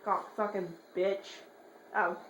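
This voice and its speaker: A woman giving horror game commentary, swearing in rapid repeated bursts and joking while muttering quietly between outbursts. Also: medium pitch, level tone. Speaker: gamer. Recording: roomy echo, faint hiss.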